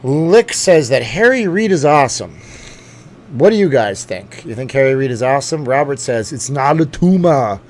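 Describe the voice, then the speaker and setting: A man's voice: mid-range voice, expressive, moderate pace. A man hosting a casual live stream, reading out viewer comments and rambling, with lots of fillers and restarts. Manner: chatty and rambling, with many fillers and self-corrections.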